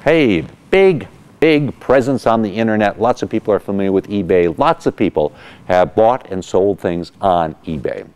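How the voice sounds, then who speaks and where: A man with a fairly low voice explains a court case as a weekly legal segment. He talks like an animated storyteller, with lively pitch swings, and acts out the parties' lines. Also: moderate pace, clear, resonant tone. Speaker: attorney host of legal segment.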